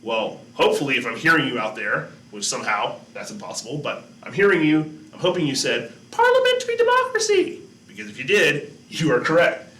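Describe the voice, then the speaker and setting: Bright chatty man teacher in an echoey room. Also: mid-range voice, brisk, a little hiss or hum. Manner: chatty, asks students questions, jokes. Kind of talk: classroom lesson to students. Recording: echoey room, distant mic, faint background.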